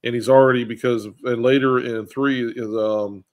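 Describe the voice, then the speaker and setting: A man leading a casual group bible discussion, talking in an animated way and acting out the people he quotes. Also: medium pitch, normal speed. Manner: animated, acts out quoted characters. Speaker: bible study leader.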